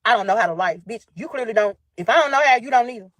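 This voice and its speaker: A woman's voice: fairly high pitch, expressive, very fast, a bit bright, dry recording. A woman with a Memphis accent telling a story about her ex in a heated, profane monologue, talking straight to her listeners. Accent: Southern US (Memphis). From Memphis, USA. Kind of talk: angry venting monologue.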